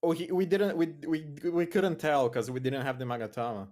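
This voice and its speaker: Excitable woman gamer, lively voice. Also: deep voice, a little fast. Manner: excitable, swearing, stumbling reads. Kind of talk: casual let's-play chat.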